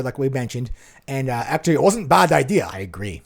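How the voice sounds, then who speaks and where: A man co-hosting a casual podcast. He rambles and jokes, full of "like" and "you know." His voice is gravelly, and his pitch jumps around a lot. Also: big pitch swings, quick pace. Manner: jokey, rambling, many "like"s. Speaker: podcast co-host. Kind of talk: casual chat.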